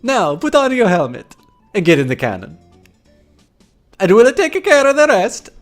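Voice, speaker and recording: A man's voice: high voice, huge pitch swings, normal speed, faint music behind, pitched above the performer's own voice. A man voicing two quarrelsome circus acrobat brothers from a game, with a put-on Italian accent and hammy showman patter. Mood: cheerful. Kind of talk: reading game dialogue aloud in character.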